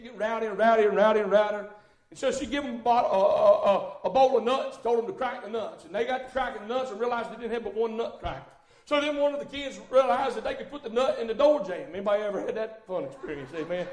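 A man preaching a fervent sermon in a church, swinging from hushed tones to loud shouting and calling out "hey, listen.". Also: very high voice. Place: church sanctuary. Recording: echoey church room.

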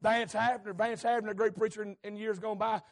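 A man preaching a sermon in a folksy way, moving from easy talk to fervent shouting. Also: high-pitched, flat delivery, fairly quick, vocal fry.

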